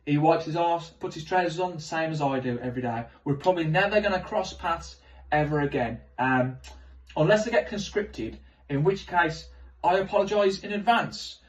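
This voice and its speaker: A man doing animated, self-mocking stand-up storytelling on stage. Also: fairly high pitch, moderate pace, recorded from a distance, highs cut off. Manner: animated, self-mocking, swings into loud exclamations. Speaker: stand-up comedian.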